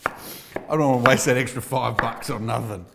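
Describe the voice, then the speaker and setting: A man's voice: mid-range voice, moderate pace, gravelly, noisy background. A man, a comedian, teasing his friend and laughing often in casual chat. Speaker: comedian podcast co-host.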